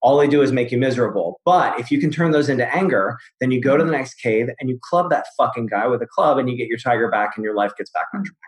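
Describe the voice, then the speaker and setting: A man therapist in casual conversation, explaining ideas at length through relaxed storytelling. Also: medium pitch, quick pace, hardly any pauses. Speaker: therapist, host. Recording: roomy echo.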